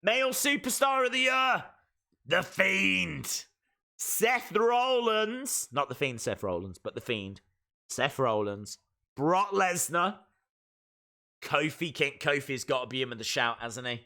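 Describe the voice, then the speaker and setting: Excitable man hosting a live stream. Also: a little high, slow pace, gravelly. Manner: chatty and excitable, thinks out loud to viewers. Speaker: live stream reaction host. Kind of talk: casual live-stream commentary.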